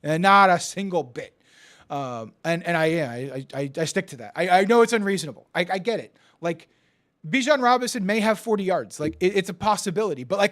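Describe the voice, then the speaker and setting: A man co-hosting a casual sports betting chat, excitable and profane, often stammering and restarting, swinging from yelling to muttering. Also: high-pitched, brisk. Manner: die-hard team fan, swings from yelling to muttering. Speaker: podcast co-host.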